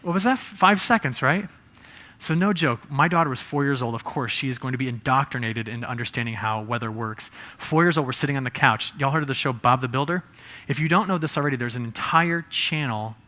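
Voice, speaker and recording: A man's voice: fairly high pitch, pushed and bright. A man giving a humorous presentation, quizzing the audience with shows of hands.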